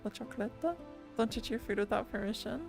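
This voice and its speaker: Gravelly-voiced woman rambling to her chat. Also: on the high side, a little fast, over music. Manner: chatty, rambling, many restarts and laughs. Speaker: streamer. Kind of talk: casual rambling chat with viewers. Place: lying down at home.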